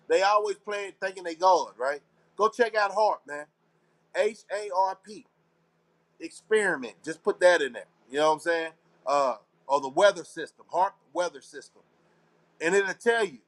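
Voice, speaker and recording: High-voiced man ranting. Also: a bit bright. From Texas. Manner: rambling, conspiratorial, preachy, talks to the audience; slangy, repeats phrases. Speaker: show host. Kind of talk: casual live talk show monologue.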